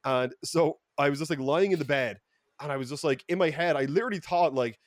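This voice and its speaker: A man with an Irish accent telling a story on a podcast in a lively, profane way, acting out the people he quotes. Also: on the high side, brisk, no room sound, clean studio sound. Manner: animated, profane, quotes people in mock voices. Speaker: podcast regular. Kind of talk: casual storytelling. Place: podcast studio.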